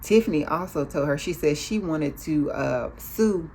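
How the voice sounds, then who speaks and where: A woman's voice: low voice, measured pace, a little mellow, slight background noise. A woman hosting a casual recap of a TV show, chatty, acting out the characters' lines as she goes.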